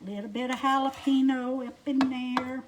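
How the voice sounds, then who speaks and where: Hosting a casual home-cooking livestream, a middle-aged Southern woman from Alabama walks viewers through supper in a warm, high-pitched drawl, saying hello to folks by name. Her tone stays steady at a normal pace, and kitchen clatter from pots and dishes is plainly audible.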